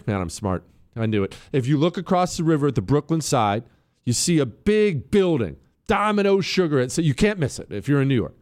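A man's voice: a little high, darkish tone. A man hosting a political talk radio show, speaking in a conversational, emphatic monologue to listeners and his producers.

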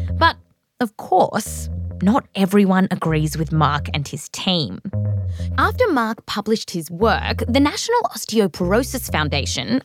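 Lively Australian woman narrating science. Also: mid-range voice, dry recording, studio quality. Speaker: host. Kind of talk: scripted science narration with interview.

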